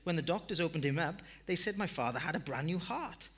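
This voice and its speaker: A man's voice: on the high side, expressive, brisk, fairly bright tone, pitched above the performer's own voice. Tearful, grateful woman caller, breathless, a male pastor quoting her. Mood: emotional. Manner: breathless, emotional.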